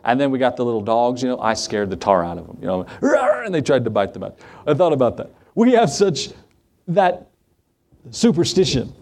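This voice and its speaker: A man preaching a sermon as pastor, animated, with rhetorical questions and conversational asides. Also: mid-range voice, fairly quick. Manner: animated preaching that acts out the quoted voices.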